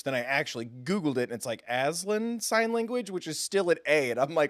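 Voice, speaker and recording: A man's voice: a little high, quick pace, few pauses, no room sound, studio quality. A man streaming a game live, chatting casually with his viewers in a self-deprecating, giggly way.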